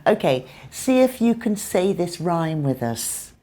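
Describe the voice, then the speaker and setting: A woman with a British accent teaching English pronunciation, modelling sounds clearly and carefully. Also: lowish voice, very animated, measured pace, background noise. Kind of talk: pronunciation lesson.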